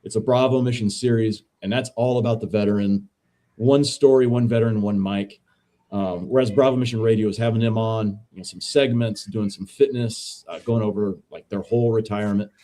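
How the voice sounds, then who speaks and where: A man, a veteran and podcast co-host, casually telling a story as a guest in a relaxed, profane, dude-heavy way. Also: lowish voice, brisk. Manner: laid-back, profane, says dude a lot.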